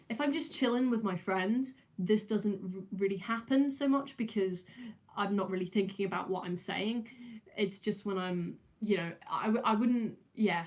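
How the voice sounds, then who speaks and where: Hesitant young woman streamer. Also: mid-range voice. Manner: hesitant, many fillers and restarts, slight stutter. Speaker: streamer answering chat. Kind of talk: casual livestream Q&A.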